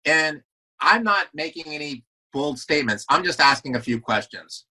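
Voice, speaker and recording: A man's voice: fairly high pitch, expressive, normal speed, pushed and bright, breathy edge, rough recording. A man talking earnestly as a podcast guest in a casual interview, often repeating words as he restarts his sentences.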